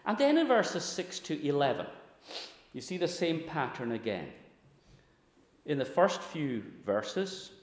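A man preaching an expository sermon, earnest, rising to high emphatic pleading when he quotes scripture. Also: very animated, measured pace, pauses often. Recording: echoey hall.

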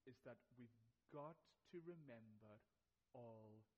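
A middle-aged man preaching a sermon in an earnest way, moving from quiet personal reflection to emphatic, repeated points. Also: medium pitch, slow pace, muffled recording. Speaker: pastor.

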